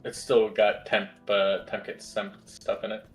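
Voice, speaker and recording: Guy with a lowish voice chatting casually on a podcast, lots of uhs. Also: little pitch movement, unhurried, faint music behind. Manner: explaining patiently, hesitant fillers. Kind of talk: casual chat.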